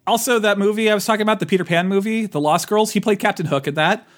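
A man co-hosting a casual chat, animated and rambling, his voice jumping up when he gets excited. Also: high voice, fast. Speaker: podcast co-host.

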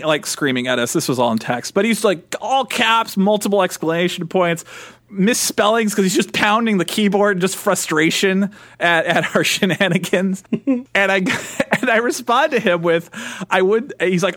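A man co-hosting a casual podcast, telling a story in a loose, rambling way. He restarts his sentences and laughs often. His voice sits a bit high and sounds dry and close to the mic. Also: measured pace, fairly bright tone, dry recording. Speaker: podcast co-host.

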